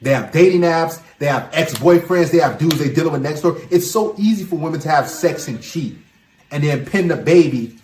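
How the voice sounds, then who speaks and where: A man's voice: on the high side, expressive, a little fast, a little mellow, echoey room, a little hiss or hum. A man hosting his own channel, giving emphatic, preachy advice in a monologue to the camera. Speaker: channel host.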